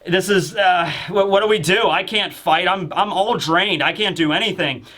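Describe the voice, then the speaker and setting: A man's voice: normal speed, pushed and bright. A man voicing a drained male pirate surgeon who speaks wearily and hesitantly. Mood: despairing. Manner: low, weary, hesitant.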